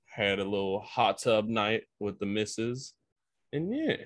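A young man talks about his week on a podcast. His voice sits very low, and his delivery is relaxed with casual swearing. The recording is dry and close. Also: measured pace, no echo. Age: young adult. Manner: laid-back, swears casually. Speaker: podcast co-host. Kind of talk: casual chat.

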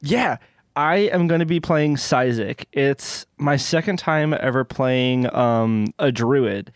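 A man's voice: mid-range voice, slow, no echo, clean studio sound. A man, a tabletop game player, casually introducing his character with enthusiastic quips.

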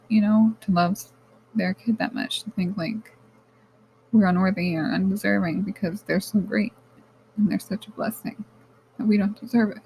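A woman's voice: medium pitch, vocal fry, slightly rough, dull audio. A woman hosting her own podcast, talking candidly and rambling, swearing freely and addressing listeners as guys, close to tears. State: near tears. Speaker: podcast host. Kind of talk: personal podcast monologue.

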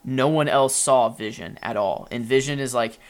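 There's a young man at medium pitch and normal speed, co-hosting a podcast. His casual talk wanders, full of fillers and restarted sentences.

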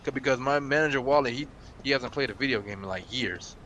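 A young man in casual, profane group voice chat about gaming, telling animated stories and acting out quotes. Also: medium pitch, fast, slight background noise. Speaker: gamer chatting in a group voice chat.

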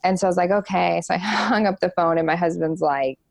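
Gravelly low-voiced young woman. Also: dry recording. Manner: halting, lots of "like" and "um" fillers; frank and open. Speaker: interview guest. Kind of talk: candid personal storytelling.

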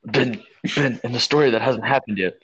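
A man co-hosting a podcast, telling a long story in a casual, animated and profane way. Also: medium pitch, a little fast, breathy edge, lo-fi sound. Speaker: podcast co-host.

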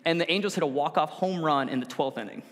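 A pastor with a fairly high, slightly bright voice talks fast through a casual, conversational sermon to his congregation. He often corrects himself and acts out what people said, with a long hall reverb on the recording.

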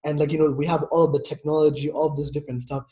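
A man's voice: fairly high pitch, level tone, quick pace, mellow. A man from Africa speaking earnestly in a casual discussion, stressing his points and checking in with "right?". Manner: earnest and emphatic, peppered with "right?".

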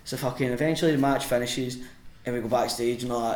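A man's voice: medium pitch, normal speed, echoey room. A man, a podcast guest and wrestler, telling a sweary anecdote with frequent laughs. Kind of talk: casual storytelling.

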